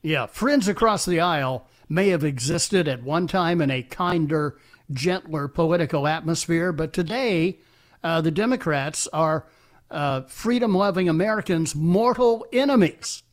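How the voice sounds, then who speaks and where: A man's voice: fairly high pitch, measured pace. A man hosting a call-in radio talk show, delivering opinionated commentary with pointed rhetorical questions.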